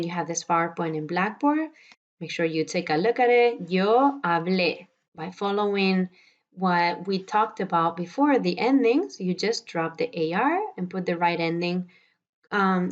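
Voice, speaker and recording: A woman teacher giving a recorded lecture over slides, patiently explaining step by step and slowing down to model words. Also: mid-range voice, muffled recording. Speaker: Spanish teacher.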